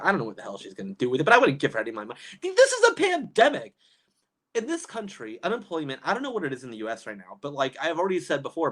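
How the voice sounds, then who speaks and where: A woman holds a casual livestream and reads from the chat as she goes. She rants in an exasperated way, laughs often, and her pitch swings widely. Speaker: livestream commentator reading chat.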